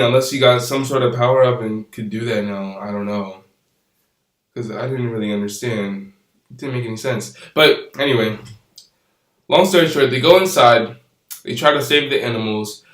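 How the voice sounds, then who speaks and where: A man's voice: mid-range voice, moderate pace, pauses often. Rambling young man recapping an episode, echoey room. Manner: rambling, laughs often, filler-heavy. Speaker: anime reviewer. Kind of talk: casual recap review.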